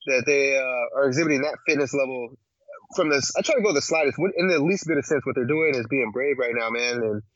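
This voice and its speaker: A man's voice: mid-range voice, fast talker, a bit bright, dry recording. Slangy rambling man, dull dry sound. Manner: rambling, slangy, with many fillers and restarts. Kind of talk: casual chat.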